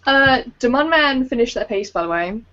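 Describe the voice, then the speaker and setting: A woman co-hosting an art podcast in casual chat, giggly and animated. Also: fairly high pitch, normal speed, muffled recording. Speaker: podcast co-host.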